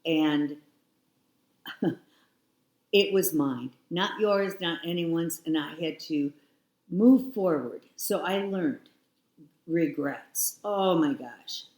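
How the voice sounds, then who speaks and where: Slow, low-voiced woman in her sixties. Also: darkish tone, reverberant. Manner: reflective, frank, repeats phrases. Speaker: guest. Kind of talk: candid personal storytelling.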